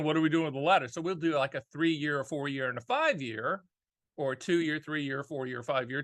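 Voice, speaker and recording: Middle-aged Southern male host, folksy and punchy, fairly high voice, dry close recording. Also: sharp tone, no echo. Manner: folksy and emphatic, with rhetorical questions. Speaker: annuity agent and show host. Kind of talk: casual solo video talk.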